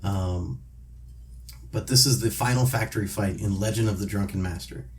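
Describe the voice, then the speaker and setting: A man's voice: lowish voice, normal speed. A man co-hosting a casual podcast, talking through movie scenes with lots of fillers. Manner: animated retelling, many fillers. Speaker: podcast co-host. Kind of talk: casual chat.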